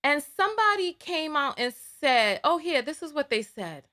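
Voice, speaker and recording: Woman host, live-stream commentary, indignant, pitch a touch high. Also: very animated, normal speed, pushed and bright. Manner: heated, indignant, repeats herself. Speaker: livestream host.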